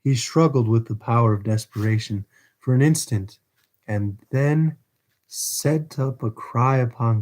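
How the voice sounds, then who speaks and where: A man reading a classic novel aloud at a steady pace on a livestream. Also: medium pitch. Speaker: livestream book reader.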